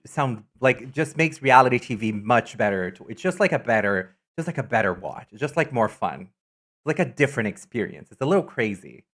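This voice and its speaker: A woman streamer in casual live-stream chat, talkative and teasing, answering chat messages with sudden high, loud exclamations. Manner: chatty, reacts to chat messages with loud teasing jumps in pitch.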